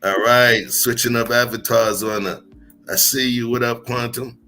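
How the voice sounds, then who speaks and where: A man hosting a livestream, chatting casually and greeting his viewers by name in a relaxed way. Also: mid-range voice, moderate pace, soft background music. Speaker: livestream host. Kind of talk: casual chat.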